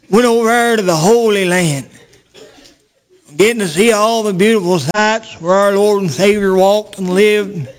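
A man telling a folksy stand-up story in a drawling, deadpan way. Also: high voice. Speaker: comedian.

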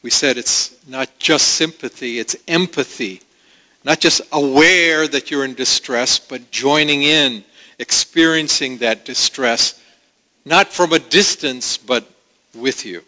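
A man's voice: medium pitch, slow, bright, forceful tone. A man preaching a sermon in an earnest, conversational way, with asides to the congregation. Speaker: pastor. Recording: long reverb of a large hall.

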